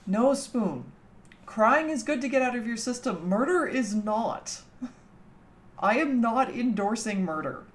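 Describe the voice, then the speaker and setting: A woman's voice: a little high, animated, takes it slowly. A young woman from Canada chatting casually with her livestream chat from home, teasing and laughing often. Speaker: streamer.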